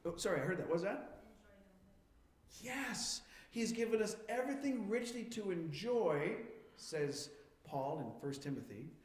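High-voiced pastor preaching in an echoing church. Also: male voice, animated. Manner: asks the congregation rapid questions, shifting from quiet to emphatic. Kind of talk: sermon.

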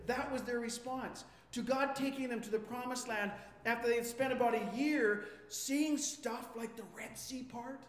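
A man preaching as a pastor, questioning the congregation and acting out quotes with a lifting voice. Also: very high-pitched. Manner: animated, asks the congregation questions; acts out quotes with rising voice. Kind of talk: interactive sermon. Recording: echoey hall with long reverb.

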